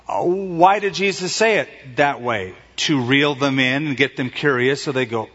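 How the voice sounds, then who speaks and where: A man preaching a sermon as a pastor, telling stories in an animated way and acting out the voices he quotes, recorded in a church sanctuary. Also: medium pitch, unhurried, few pauses. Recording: reverberant hall, dull lo-fi sound.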